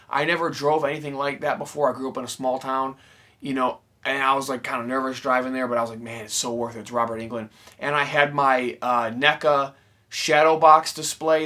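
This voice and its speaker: A man's voice: medium pitch, sharp tone. A man hosting his own channel, telling a story to camera in casual talk, swearing freely and acting out the people he quotes. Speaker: YouTube channel host answering viewer questions.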